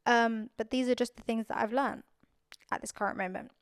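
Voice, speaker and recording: This young adult woman's slightly high voice is clean-toned and fairly even in intonation, and she speaks a little fast in a dry, clean studio recording. Hosting her own casual solo podcast, she talks earnestly and leans on repeated phrases for emphasis.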